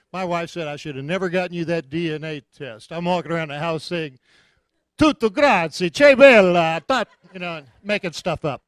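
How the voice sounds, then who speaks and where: Man, guest preacher, lively stories, slightly high voice, dry close sound. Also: a little fast, no echo. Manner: animated storyteller, repeats punchlines. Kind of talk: anecdotal sermon. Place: church.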